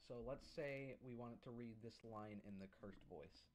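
Casual, halting male tutorial voice. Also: medium pitch, darkish tone, slight background noise. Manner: casual, halting, with many uh's. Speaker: YouTube creator. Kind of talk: screen-recorded software tutorial.

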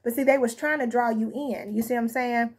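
A woman's voice: a little high, steady tone, fairly quick, husky. A woman giving a casual tarot reading to her viewers, blunt and chatty, swearing freely and calling them y'all and honey. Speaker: tarot reader.

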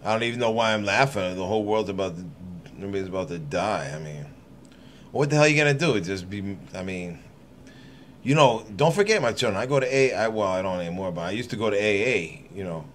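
Fast and lively in intonation, this lowish-voiced man works through scripture on his channel over slight background noise. His running commentary wanders into irreverent tangents punctuated by frequent laughter.

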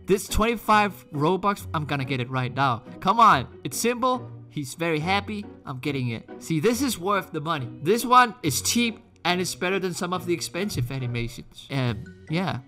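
A man with a high, bouncy voice narrates his gameplay in a rambling, excitable way and keeps chatting back at other players. He laughs often, and his tone is bright and sharp. Faint game music plays behind him. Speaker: gaming channel host. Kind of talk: casual gameplay commentary.

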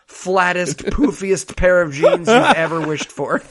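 Animated high-voiced joking man. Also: a little slow. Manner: animated, profane, playful. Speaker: podcast co-host. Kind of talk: casual comedic movie riffing.

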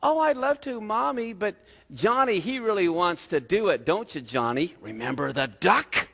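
A man's voice: high voice, lively intonation, moderate pace, a bit bright, big-room sound, pitched above the performer's own voice, heavily acted. A man voicing a sly, bossy little girl who teases her brother, heard in a sermon story. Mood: wheedling. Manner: teasing, wheedling.

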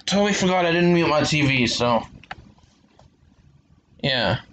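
A man's voice: fairly high pitch, lively intonation, measured pace, a bit bright, slight background noise. A man talking casually over gameplay as a YouTuber, rambling and hesitant, often correcting himself. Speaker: gaming YouTuber.

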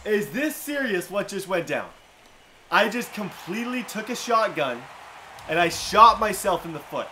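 A man's voice: high-pitched, sing-song, normal speed, bright, forceful tone, a little hiss or hum. Hyped young man commentating his own gameplay. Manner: hyped, talks to himself and viewers, swings from thrilled to dejected. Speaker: gaming YouTuber.

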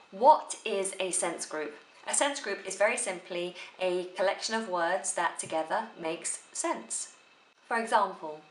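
A woman giving a spoken theory lesson for a drama exam, explaining slowly and deliberately. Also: mid-range voice. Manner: slow, careful, deliberate delivery. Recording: echoey room.

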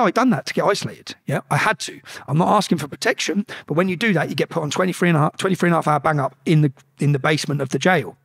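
A man telling a story as a podcast guest, animated and profane, acting out shouted exchanges. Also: fairly high pitch, breathy edge. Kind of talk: casual storytelling.

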